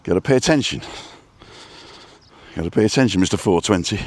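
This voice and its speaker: A man live-streaming as he walks outdoors by the coast, chatty and rambling, a little out of breath from walking briskly. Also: low-pitched, lively intonation, no echo. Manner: chatty, rambling, greets viewers by name. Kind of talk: casual walk-and-talk live stream.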